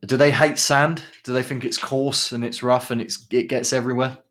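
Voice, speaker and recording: A man's voice: mid-range voice, level tone, moderate pace, fairly bright tone. Chatty man reading band blurbs. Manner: reads out band blurbs with many ums and asides. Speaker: podcast co-host. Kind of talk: casual podcast chat.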